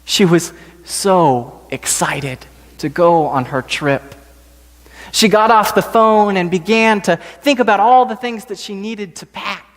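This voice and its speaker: Brief: male preacher, measured gentle storytelling, slightly high voice, long church reverb. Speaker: pastor. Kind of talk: storytelling sermon. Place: church sanctuary.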